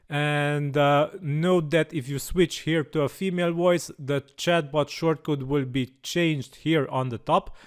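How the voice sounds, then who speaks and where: A man hosting a software tutorial, explaining step by step with frequent fillers. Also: on the high side, clean tone. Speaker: tutorial channel host.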